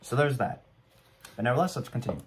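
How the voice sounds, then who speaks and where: A man's voice: mid-range voice, animated, fast talker. Chatty young man, self-deprecating. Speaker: vlogger. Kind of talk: casual commentary.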